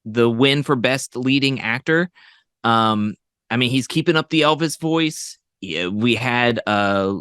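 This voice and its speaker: This podcast guest co-host shares his thoughts on movies in a casual review chat, hesitating often with lots of fillers and restarts. His voice is medium in pitch, a little slow, and somewhat bright and clean, captured in a clean studio with no echo.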